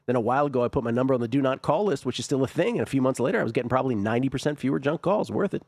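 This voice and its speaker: A man hosting a sports radio talk show, reading listener messages aloud and adding quick remarks. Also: mid-range voice, expressive, gravelly, darkish tone, husky, no room sound, studio quality. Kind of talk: casual talk show banter.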